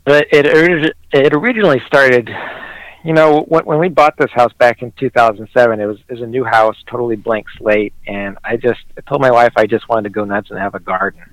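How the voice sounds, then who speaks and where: A man's voice: medium pitch, steady tone, a little fast, no echo, low-quality recording. A middle-aged man talking casually and eagerly as a podcast guest about his gardening, often restarting his words. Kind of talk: casual conversation.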